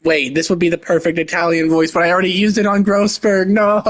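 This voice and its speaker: Joking man commenting on a game. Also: high voice. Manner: joking, self-deprecating, slangy. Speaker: gamer.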